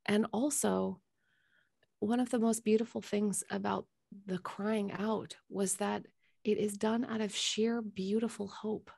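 Gravelly-voiced woman, earnest and reflective. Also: mid-range voice, fairly even intonation, a little mellow, dry recording, studio quality. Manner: earnest, reflective, halting restarts. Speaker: podcast guest, author. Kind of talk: casual conversation.

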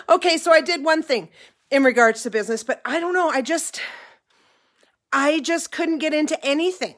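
A middle-aged woman who vlogs and owns a ranch chats casually with her viewers from her home kitchen, rambling and getting a little teary. Her high, expressive voice is fairly bright and moves at a moderate pace.

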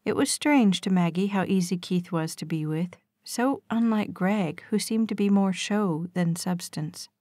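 A woman narrates an audiobook in a calm, steady way. Her voice sits a little low and sounds close and dry, with no room around it. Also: measured pace, few pauses, no echo. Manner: calm, even storytelling. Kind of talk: scripted narration.

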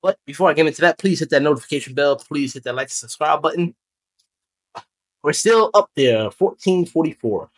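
A man's voice: fairly high pitch, expressive, brisk. A young man casually reviewing a video game as a channel host, chatty and rambling, correcting himself as he goes. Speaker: gaming YouTuber.

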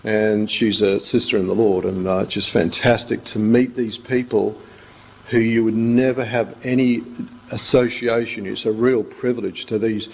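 A man's voice: lowish voice, level tone, moderate pace. A male pastor, giving an informal sermon full of rambling, joking stories. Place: church hall. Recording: echoey church hall.

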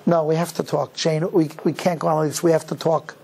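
A man voicing a cold, distant husband who talks in a firm, flat way, as he tells a story in a talk. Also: a little high, brisk, creaky, husky, pitched below the performer's own voice.

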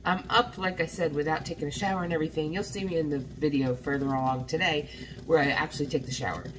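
Low-voiced woman rambling in her kitchen. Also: steady tone, fast talker. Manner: rambling, talks while hurrying about the kitchen. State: just out of bed, tired. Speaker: cooking vlogger. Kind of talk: casual chatty vlog. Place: home kitchen. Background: faint coffee machine hiss.

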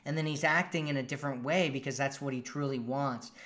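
A man's voice: medium pitch, steady tone, brisk, fairly bright tone. A man hosting a live stream as a dating coach, reading out viewer comments in a casual, upbeat, chatty way.

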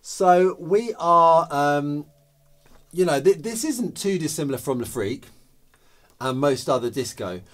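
A man's voice: fairly high pitch, unhurried, pauses often, a little mellow. A man teaching a drum lesson, explaining patiently step by step and counting rhythms aloud and beatboxing the patterns.

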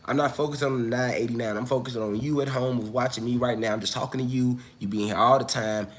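A man's voice: medium pitch, fairly even intonation, fast talker, slight background noise. Coughing man chatting loosely on a livestream. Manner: loose, profane, chatty, addresses viewers directly. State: coughing, recovering from illness. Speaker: livestream host. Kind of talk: casual livestream talk.

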